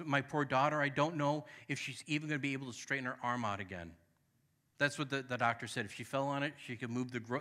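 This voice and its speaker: A man's voice: medium pitch, pushed and bright. A male pastor from New England preaching a sermon in a church, speaking emphatically and conversationally, calling out to the congregation and telling personal stories with candid asides. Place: church sanctuary.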